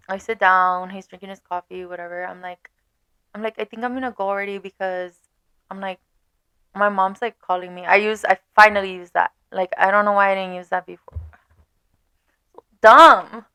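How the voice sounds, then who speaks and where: A young woman vlogger telling a dating story in casual chat, animated and swearing, laughing often. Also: mid-range voice, clear, resonant tone, no echo.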